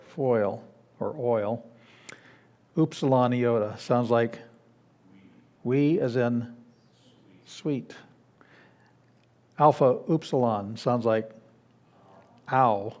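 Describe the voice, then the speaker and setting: A man with a mellow, warm voice lectures a beginners' Greek class in a church classroom. He explains patiently, often restarting his sentences and filling pauses as he goes. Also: medium pitch. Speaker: Greek teacher.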